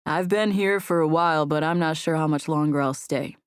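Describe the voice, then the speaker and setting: A woman's voice: sits low, a little fast, smooth, no room sound, clean studio sound, natural voice. A woman voicing a reserved young man who answers modestly and simply. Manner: understated, modest.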